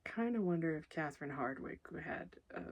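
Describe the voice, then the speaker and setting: A woman with a slightly low-pitched voice talks through a movie plot in a loose, chatty way. She swears freely, laughs at her own asides and wanders off on tangents before pulling herself back to the story. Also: unhurried, darkish tone. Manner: profane, candid, laughs often. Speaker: movie reviewer. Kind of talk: casual rambling movie recap.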